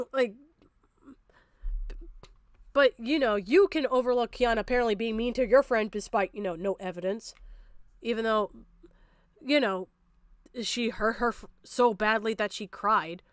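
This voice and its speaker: A woman's voice: fairly high pitch, measured pace, long pauses, no room sound. A young woman streamer giving angry, profane reaction commentary, ranting hard and breaking into laughter.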